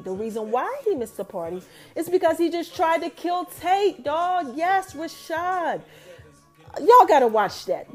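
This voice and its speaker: High-voiced woman recapping a TV episode. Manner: animated storytelling, talking straight to viewers. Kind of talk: casual TV recap.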